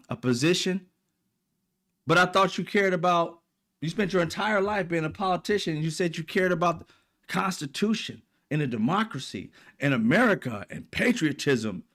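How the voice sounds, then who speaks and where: A man's voice: high voice, a bit bright. A man delivering a heated, profane political rant, mocking and blunt. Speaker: political commentator. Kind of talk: ranting monologue.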